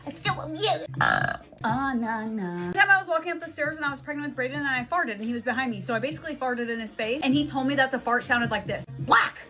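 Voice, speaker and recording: A woman telling candid, animated stories about her life in a casual get-ready-with-me story time, laughing and swearing freely. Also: sits high, rapid-fire, hardly any pauses, soft background music.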